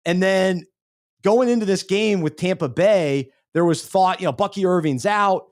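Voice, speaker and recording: A man co-hosting a casual podcast, rambling a little and tripping over his words, often dropping low at the ends of lines. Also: moderate pace. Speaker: podcast co-host.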